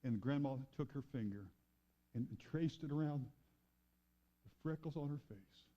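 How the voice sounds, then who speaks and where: A man pastor preaching a sermon, moving between raised emphatic lines and quiet, hushed storytelling. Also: mid-range voice, measured pace, lo-fi sound. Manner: preaching with dramatic swings from loud to hushed.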